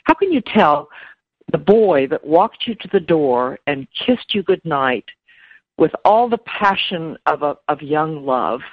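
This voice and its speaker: A woman speaking as an interview guest, emotional and halting, often repeating words. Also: sits low, lively intonation, slightly rough, dry recording. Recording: dull lo-fi dry sound.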